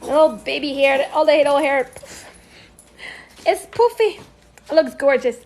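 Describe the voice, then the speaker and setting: A woman life coach on a livestream from home, thinking aloud with sudden excited outbursts and cooing at her puppy. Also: high-pitched, measured pace, echoey room, far from the mic. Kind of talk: livestream self-reflection. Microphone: phone.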